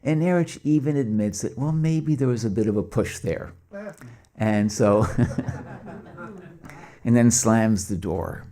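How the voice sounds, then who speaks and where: A man telling anecdotes to a gathering, briskly voicing the people in his stories and chuckling between them. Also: on the low side. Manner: lively storyteller voicing quoted dialogue. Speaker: speaker at a spiritual gathering. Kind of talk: anecdotal storytelling talk.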